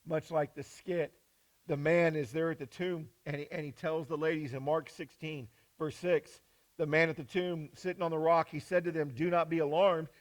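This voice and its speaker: A man preaching a sermon as pastor, retelling scripture as a story and swinging from hushed, low lines to loud, high ones. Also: steady tone, moderate pace, rough recording.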